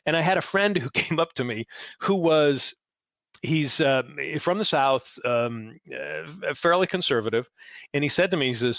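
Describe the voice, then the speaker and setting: A man in his sixties, a podcast guest, telling stories in a lively way and acting out what people said. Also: moderate pace, vocal fry, dry recording. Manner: animated, acts out quoted exchanges in a higher voice. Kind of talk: storytelling interview chat.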